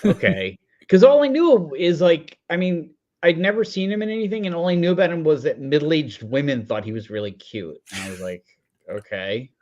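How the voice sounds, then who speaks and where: A man's voice: fairly high pitch, animated, brisk, hardly any pauses, darkish tone, muffled recording. A man talking films in a casual chat, rambling with many asides. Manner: rambling, lots of fillers and asides. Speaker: podcast guest. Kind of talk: casual film review chat.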